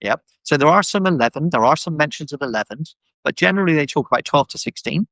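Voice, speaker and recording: Gravelly-voiced man, animated podcast guest. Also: on the high side, quick pace, no echo, poor audio. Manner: animated, acts out quoted voices, many fillers. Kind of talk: casual conversational discussion. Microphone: video call microphone.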